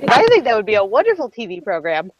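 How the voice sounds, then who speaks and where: A woman co-hosting a casual stream chat, teasing and quick with a laugh. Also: medium pitch, wildly swooping pitch, dry recording, lo-fi sound. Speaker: stream co-host.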